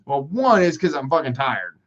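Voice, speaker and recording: A man's voice: on the high side, sing-song, moderate pace, lo-fi sound. Profane rambling man in his forties. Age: 40s. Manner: profane, self-mocking rants. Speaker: podcast host. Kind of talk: rambling solo podcast monologue.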